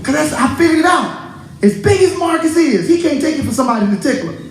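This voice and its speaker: High-voiced man preaching in a roomy hall. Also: fast, a little hiss or hum. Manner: animated, joking preaching to a congregation. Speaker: pastor. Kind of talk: sermon. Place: church.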